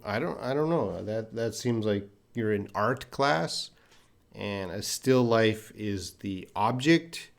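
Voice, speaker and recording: A man hosts a live lesson, greeting each viewer and explaining patiently. He speaks slowly and unhurriedly, with a fairly low voice and plenty of ums and self-corrections. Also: creaky. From Canada. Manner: greets viewers by name, explains patiently, hesitant with fillers and restarts. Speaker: English teacher. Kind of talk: live-streamed English lesson reading viewer chat. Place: indoor room at a desk with a board.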